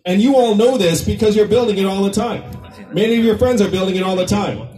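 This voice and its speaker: Man, presidential candidate, rally speech, joking, conversational, high-pitched, distant mic. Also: fast talker, warm tone, echoey room, faint music behind. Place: political rally venue.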